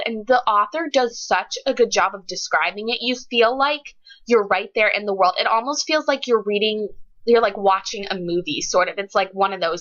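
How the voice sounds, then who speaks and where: A woman's voice: medium pitch, fairly bright tone. A young woman giving a casual, gushing book review vlog, emotional and full of "like". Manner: gushing, emotional, says "like" a lot. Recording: lo-fi dull webcam audio.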